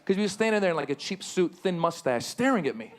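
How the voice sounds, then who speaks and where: A man of Middle Eastern origin performing a stand-up comedy set on a live stage, animated and jumping to excited squeals on punchlines. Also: high voice, quick pace. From Middle East.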